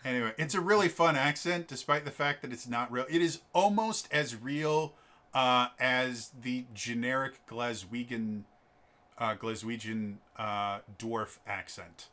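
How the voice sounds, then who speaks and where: A man from Wisconsin running a tabletop game, chatting casually with animated, joking asides. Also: mid-range voice, a little slow. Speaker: game master. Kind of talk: casual chat.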